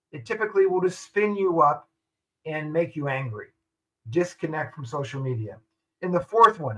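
A man's voice: on the high side, pushed and bright, poor audio. An older man, a retired army general, speaking as a guest in a radio interview, making his points firmly and repeating them for stress.

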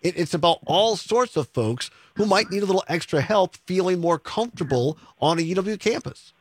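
A man hosting a call-in radio talk show, agreeing with callers in a brisk way. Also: high-pitched, expressive, no room sound. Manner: agreeable, quick affirming interjections.

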